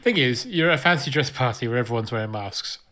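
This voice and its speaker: A man's voice: mid-range voice, expressive, fast talker, bright, forceful tone. A man hosting a comedy podcast, dryly recapping film scenes. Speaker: podcast host.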